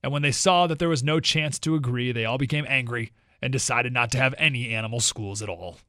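A man hosting a talk radio show, reading a story aloud with quick asides. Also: medium pitch, sharp tone, no room sound, studio quality.

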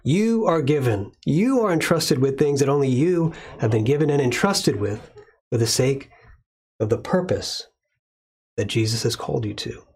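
A male pastor delivering a sermon in a measured way, slowing down to stress key words. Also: medium pitch, animated, darkish tone, husky.

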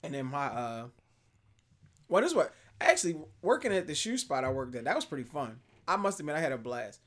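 A young man tells a story in a loose, casual way, full of energy and quick laughter. He mimics the people in the story as he goes, and he keeps the chat relaxed and conversational. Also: mid-range voice. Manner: animated, acts out quoted voices, laughs often.

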